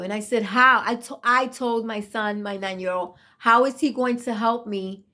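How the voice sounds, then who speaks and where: A woman's voice: fairly high pitch, fairly even intonation, normal speed, bright, forceful tone. Earnest woman telling her testimony. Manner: earnest, emotional, repeats herself for emphasis. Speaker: vlogger sharing a testimony. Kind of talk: casual personal storytelling.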